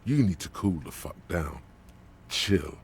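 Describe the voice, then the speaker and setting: A detective's inner voice narrating a game, as an actor voices it: extremely deep and drawn out, with a slow, ominous, taunting delivery. Faint music plays underneath. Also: male voice, very animated, vocal fry, a little hiss or hum, full character voice. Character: the male inner voice of a detective's mind.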